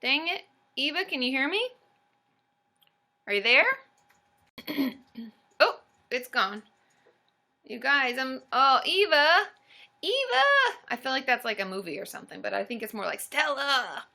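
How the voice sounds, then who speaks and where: A bubbly, excitable woman hosts a casual livestream, chatting with viewers. Her voice is bright, fairly high, and lively, climbing and dipping as she cheers the chat on. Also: a little slow, vocal fry, pauses often. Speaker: livestream host and counselor.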